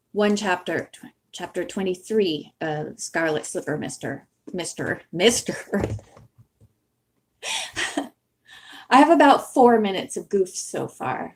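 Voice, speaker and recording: Woman host chatting casually to viewers; slow, meandering, laughs at herself. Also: mid-range voice, darkish tone. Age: young adult or older, has owned a bookmark since the nineties. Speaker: channel host who reads books aloud.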